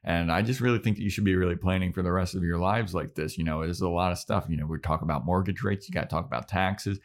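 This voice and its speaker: A young man co-hosting a podcast, casually recapping a TV episode with animated retellings and frequent laughter. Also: low voice, fast. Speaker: podcast co-host.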